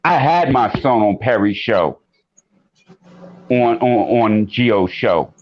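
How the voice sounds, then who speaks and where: A man calling in to a live chat show, talking earnestly and emphatically, getting loud at times. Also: fairly low pitch, lively intonation, slow, lo-fi sound. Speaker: caller. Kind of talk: casual call-in chat.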